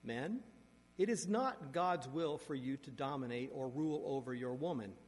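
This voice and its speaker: A man preaching a sermon, reading scripture aloud and adding asides, with sharp shifts in loudness and emphasis. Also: mid-range voice, normal speed, slightly rough. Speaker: pastor. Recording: long reverb of a large hall.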